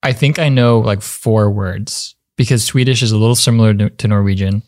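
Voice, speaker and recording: Quiet, wry man on a podcast. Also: on the low side, a little fast. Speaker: podcast guest. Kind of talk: casual podcast chat.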